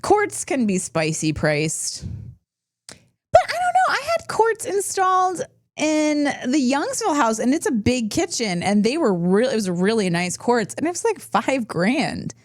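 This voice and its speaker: A woman's voice: high voice, huge pitch swings, measured pace. A woman co-hosting a podcast in casual chat, reacting with jokes and frequent laughs. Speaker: podcast co-host.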